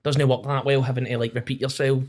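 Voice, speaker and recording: A young Glaswegian comedian guest in casual chat, halting and full of fillers. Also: male voice, medium pitch, flat delivery, darkish tone. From Scotland.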